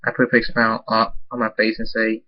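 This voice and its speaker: A man reads his own fan fiction aloud in a flat, even voice. He stumbles and repeats words as he goes. The recording is dull and lo-fi. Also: lowish voice, fairly quick. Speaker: storyteller.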